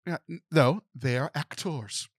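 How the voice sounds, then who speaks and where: Man, podcast co-host, casual chat, animated film retelling, lots of fillers, dry close sound. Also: a little high, unhurried, no echo.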